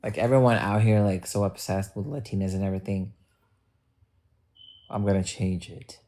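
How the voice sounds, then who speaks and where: A woman's voice: rumbling low, steady tone, normal speed, mellow. A woman streamer chatting casually with her viewers, blunt, joking and swearing freely as she talks back to the chat. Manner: addresses chat directly. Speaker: livestreamer.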